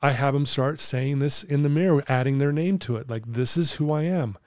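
A man's voice: mid-range voice, brisk, darkish tone, dry recording, clean studio sound. A man talking as a guest in an interview, telling stories in an earnest way and acting out talks with his clients. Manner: earnest, acts out dialogue with clients. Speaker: podcast guest, client coach. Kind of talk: conversational storytelling interview.

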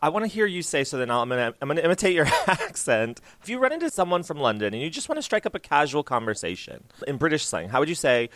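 An American woman hosts a casual podcast, giggling and asking eager questions. Her pitch swoops around a lot. The sound is dry and close. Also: sing-song, quick pace, few pauses, a bit bright, no echo. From United States. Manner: giggly, enthusiastic. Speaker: podcast host.

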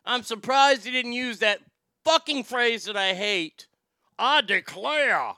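A man rants with profane sarcasm in a high, bright voice. His voice is smooth and clear, recorded close and dry with no room sound. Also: a little slow, no echo. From Texas. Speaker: host. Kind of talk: casual comedic rant.

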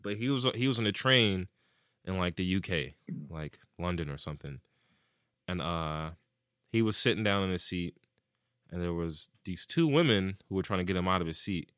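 Male co-host, animated storyteller who acts out quotes, dry close sound, forceful tone. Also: low-pitched, normal speed, clear, resonant tone, no room sound. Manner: animated retelling with acted-out quotes and swearing. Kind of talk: casual chat, storytelling.

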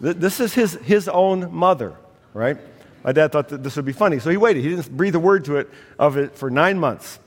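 A man's voice: a little high, lively intonation, normal speed. A man preaching a sermon as a pastor, telling a family story with humor and a slight cough. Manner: storytelling with humor, acting out voices in a family anecdote. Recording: long hall reverb.

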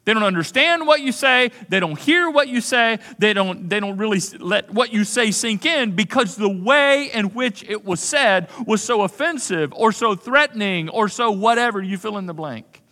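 A man preaching to a congregation in a large church, his bright, slightly high voice carrying a long hall reverb. He talks in a conversational, emphatic way, circling back to repeat key phrases. Now and then he drops into quick quoted asides. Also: lively intonation. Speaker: pastor. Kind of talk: sermon.

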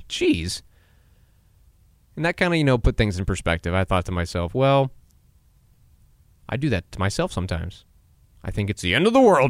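A young man in his twenties hosts a solo podcast in a casual pep-talk style. His pitch swings widely as he acts out quotes and laughs along, and the close mic leaves the sound dry with no room behind it. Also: sing-song, normal speed, long pauses, no room sound. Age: 20s. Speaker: podcast host.

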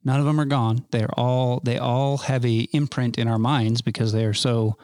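A man's voice: mid-range voice, steady tone, normal speed, a little mellow, clean tone, no echo, clean studio sound. A man in a casual chat, earnest, thinking aloud as he lays out a theory.

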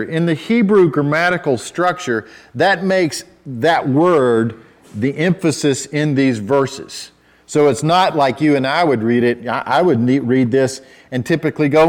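Speaking at a moderate pace with a voice on the high side, this pastor keeps his sermon conversational, full of self-deprecating asides and restarts. Scripture quotations bring out loud, emphatic cries.

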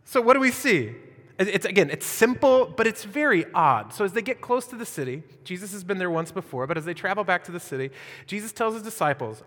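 A male pastor preaches with lively energy, reading scripture and then pressing the congregation with questions. His voice sits a little high for a man. The sound trails off into the long reverb of a church hall. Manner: animated preaching with rhetorical questions. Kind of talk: sermon.

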